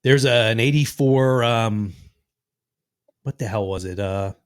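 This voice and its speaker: A man in his sixties hosts a podcast, his voice lowish, clean and measured in pace. In casual conversation he rambles through long, profane stories, acting out the lines of the people in them.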